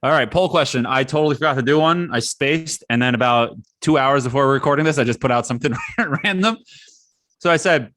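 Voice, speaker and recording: A man's voice: mid-range voice, fairly quick, no room sound. A laid-back male podcast host, chatting casually and laughing easily. The recording is dry and close. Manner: relaxed, laughs often, reads out listener tweets. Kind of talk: casual chat.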